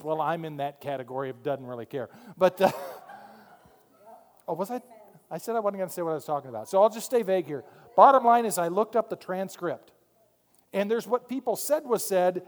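A man preaching a sermon from a church pulpit, animated, moving between quiet asides and loud emphatic points. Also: sits high. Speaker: pastor. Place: church sanctuary. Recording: long hall reverb.

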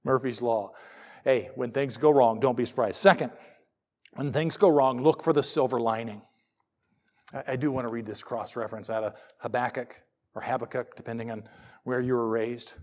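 Preaching in church at a moderate pace, this middle-aged man has a medium pitch and an animated, joking style. He reads scripture aloud between the jokes in his sermon.

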